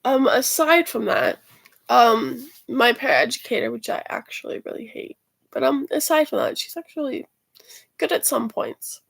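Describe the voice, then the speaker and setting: Lively, creaky-voiced young woman rambling. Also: on the high side. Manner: swears freely, rambling with fillers and restarts. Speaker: student vlogger. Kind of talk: casual rambling storytelling.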